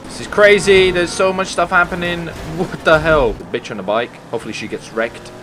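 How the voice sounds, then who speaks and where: A young man giving casual, excitable gameplay commentary, swearing and trash-talking other players. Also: a little high, a little fast, noisy background.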